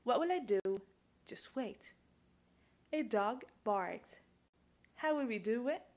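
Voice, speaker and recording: Woman, English teacher, classroom grammar lesson, patient, repeats examples, unhurried delivery. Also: fairly high pitch, animated, a little mellow. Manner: slow, patient, asks questions and repeats examples.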